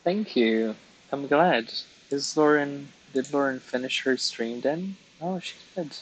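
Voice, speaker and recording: A man's voice: medium pitch, slow pace, a little hiss or hum, poor audio. A man streaming live, chatting casually while he colours, chatty and self-mocking with frequent giggles.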